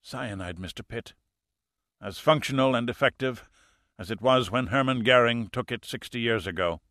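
A man voicing a cold, fanatical male assassin with a faint European accent, speaking quietly and slowly as he fades. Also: medium pitch, no echo, clean studio sound, natural voice. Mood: cold, fading. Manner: quiet, hushed and slow, fading breath.

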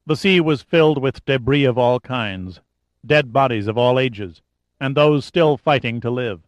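A man giving a steady, dramatic narration of a thriller audiobook. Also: mid-range voice, unhurried, no room sound. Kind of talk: scripted narration.

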